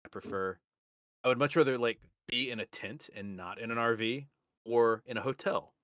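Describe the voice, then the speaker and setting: A man's voice: mid-range voice, normal speed, a bit bright, dry recording. A man hosting a podcast, chatting casually and tossing in dry quips. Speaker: podcast host. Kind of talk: casual chat. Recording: dull lo-fi audio.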